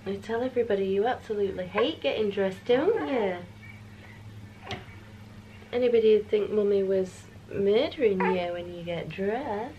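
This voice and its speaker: A woman's voice: medium pitch, normal speed, lo-fi sound, a little hiss or hum. A woman, a new mother, vlogging casually at home, chatting and sometimes slipping into sing-song baby talk.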